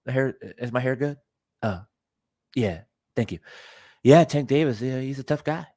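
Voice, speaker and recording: A man putting on a mocking version of a soft-spoken, self-satisfied young boxer, breezy and halting with fillers. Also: medium pitch, dry recording, clean studio sound, pitched below the performer's own voice, natural voice.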